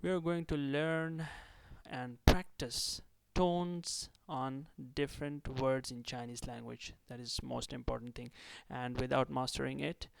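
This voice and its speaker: A man teaches beginners in a calm, explaining manner. His voice is smooth and clear, and the recording is dry and close, with no room sound. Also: medium pitch, no echo. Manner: explains in English and Hindi-Urdu, drills words by repeating them loudly. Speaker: language teacher. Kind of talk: recorded vocabulary lesson.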